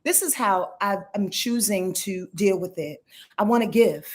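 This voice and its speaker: A woman's voice: mid-range voice, a little slow, darkish tone. A woman, hosting a casual astrology livestream in a loose, chatty way and talking straight to her viewers. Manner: loose, chatty, swears, addresses viewers as y'all. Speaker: astrologer hosting a live stream.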